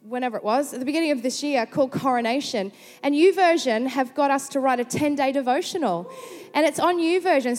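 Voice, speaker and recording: Animated Australian woman preaching in a hall. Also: sits high. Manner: chatty, animated storyteller who slips into quoted voices. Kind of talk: sermon with personal storytelling. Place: large church hall. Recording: long hall reverb.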